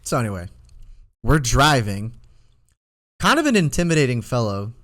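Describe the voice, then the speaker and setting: At normal speed and medium pitch, this twentysomething podcast co-host rambles through a lengthy story during a casual conversation. He keeps starting over and livens up when quoting his own words.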